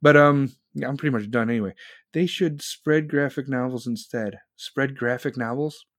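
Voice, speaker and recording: The recording is studio quality with no echo, and the man speaks at a medium pitch and normal speed. He's a podcast host in his forties, reading the chat live as he unloads a blunt, furious, profanity-heavy rant.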